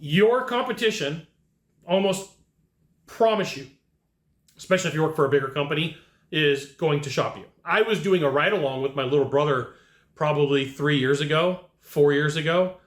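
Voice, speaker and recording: A man's voice: fairly high pitch, normal speed, a bit bright. Blunt, punchy male sales trainer, echoey room. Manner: blunt, punchy, acts out customer voices. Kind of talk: direct-to-camera sales coaching.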